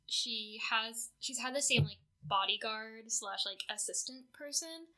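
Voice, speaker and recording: A crowd can be heard behind this woman as she hosts a podcast and hands out fan awards. Her voice is on the high side and a little slow, and her casual chat is full of "like."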